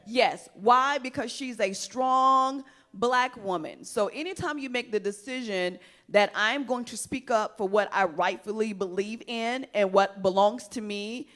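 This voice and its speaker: A woman's voice: on the high side, unhurried, a bit bright. A woman hosting a panel talk show, speaking emphatically and addressing the panel directly.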